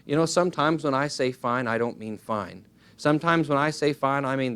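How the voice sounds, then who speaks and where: A man preaching a sermon, earnest and emphatic, swinging his pitch widely and acting out little dialogues as he goes. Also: normal speed, a bit bright, clean tone.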